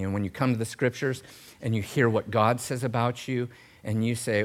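Preaching with animation and humor, a middle-aged male pastor moves between loud emphatic bursts and soft, tender passages. His voice sits lowish and he keeps a normal pace.

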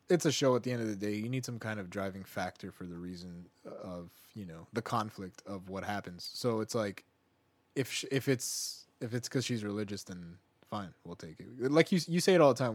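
A man co-hosting a podcast in casual chat, rambling through his point, swearing freely, and trailing off into low mutters. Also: no echo. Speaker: podcast co-host.

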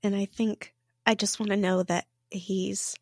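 A woman's voice: medium pitch, little pitch movement, a little slow, darkish tone, no room sound, studio quality. A woman guest on a podcast interview, speaking in a reflective, heartfelt way.

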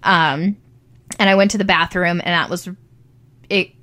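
A woman's voice: fairly low pitch, a little slow, bright, forceful tone. A young woman casually telling her birth story, chatty, with many ums and likes, acting out what people said. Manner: chatty, frequent ums and likes, acts out quoted voices.

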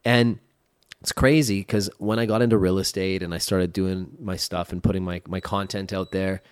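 A man's voice: sits low, steady tone, moderate pace, smooth, dry recording, studio quality. A man in his forties co-hosting a podcast, talking casually and leaning on "like" a lot. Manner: conversational, uses lots of "like". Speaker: podcast co-host. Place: podcast studio.

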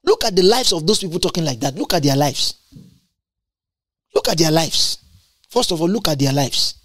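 A preacher delivering a sermon, emphatic and repetitive, with big leaps up and down in pitch and bursts of tongues. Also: lively intonation, normal speed, a bit bright, no room sound, studio quality.

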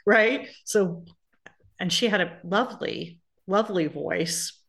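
A woman's voice: mid-range voice, slow pace, vocal fry, a bit bright. A woman from the American South with a Southern accent, hosting a podcast in a chatty, rambling way with many fillers. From Southern US (Florida, Georgia). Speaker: podcast host. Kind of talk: casual interview chat.

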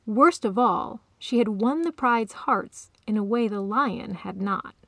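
A woman author reading her own short story aloud in a calm, even storytelling manner. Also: a little high, measured pace, no room sound. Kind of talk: storybook narration.

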